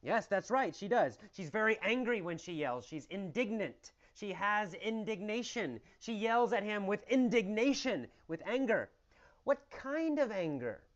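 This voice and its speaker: Animated male English teacher, lo-fi sound. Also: high-pitched, a little slow. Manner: exaggerated, animated questioning with emphatic answers. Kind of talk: mini-story question-and-answer lesson.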